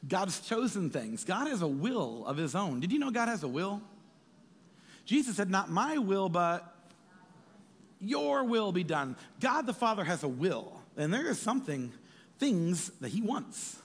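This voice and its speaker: A male pastor preaching in a lively, animated way, his voice swinging up and down. He sits a bit high for a man and acts out the voices in his text. The sound rings with a long echo, as in a big hall. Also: normal speed, husky. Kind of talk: sermon.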